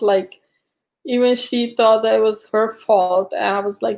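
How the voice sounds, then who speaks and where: A woman's voice: flat delivery, moderate pace, a little mellow. Chatty woman telling a rambling story. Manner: rambling storytelling with many fillers; high cooing baby talk to her dog. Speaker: live-stream host. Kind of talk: casual live-stream chat.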